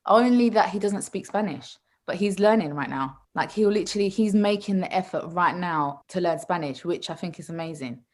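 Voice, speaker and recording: A woman speaks in a casual interview, her voice sitting a little low. She tells personal stories in a loose, chatty way and laughs often. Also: animated, moderate pace, a little mellow. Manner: chatty storytelling with frequent laughs. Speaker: interview guest.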